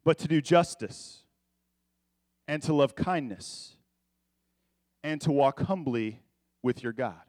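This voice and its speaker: A pastor preaching a sermon in a conversational, animated way, with quick asides to the congregation. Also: male voice, medium pitch, no room sound.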